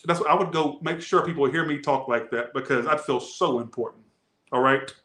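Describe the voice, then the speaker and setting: A man with a Southern US accent giving a casual tarot reading, animated, blunt and joking. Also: fairly high pitch, brisk, roomy sound. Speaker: tarot reader.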